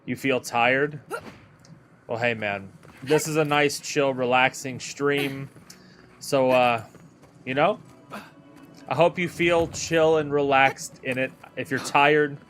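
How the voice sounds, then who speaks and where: A man's voice: fairly high pitch, a bit bright. A man streaming a game, chatting casually with viewers in an easygoing way and often repeating words as he thinks. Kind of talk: casual live-stream chat while gaming.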